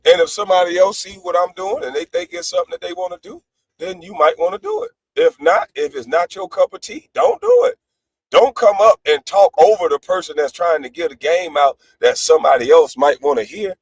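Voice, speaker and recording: A man ranting on a live stream panel in a brash, profane way. He swings between loud outbursts and low, laughing asides. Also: animated, fairly quick, vocal fry, poor audio. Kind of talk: heated livestream rant.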